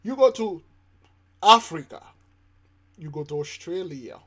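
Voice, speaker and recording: A man hosting his own channel, giving preachy reaction commentary, emphatic and repetitive, swinging between loud and soft. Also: fairly high pitch, expressive, measured pace. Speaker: channel host.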